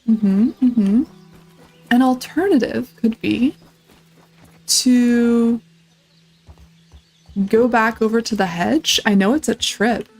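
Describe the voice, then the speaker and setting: A woman casually commentating her survival game playthrough, chatting to the creatures on screen and breaking into excited yelps. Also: on the high side, rough recording. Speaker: gameplay streamer. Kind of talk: casual let's-play commentary.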